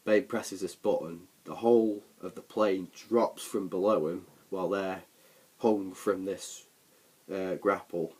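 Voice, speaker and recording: His voice sits low, slightly rough and a little mellow, with fairly even intonation and a measured pace. The film reviewer gives a casual vlog recap that rambles, packed with fillers, ums, and restarts.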